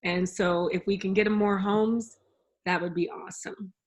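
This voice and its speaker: A woman guest in a casual conversation, telling stories in an enthusiastic, animated way. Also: mid-range voice, moderate pace.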